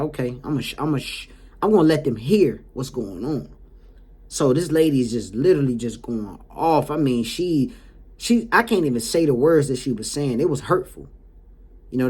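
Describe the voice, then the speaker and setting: A man's voice: medium pitch, breathy edge. A man who runs a home care agency, casually and heatedly telling a story about a client. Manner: animated, heated retelling.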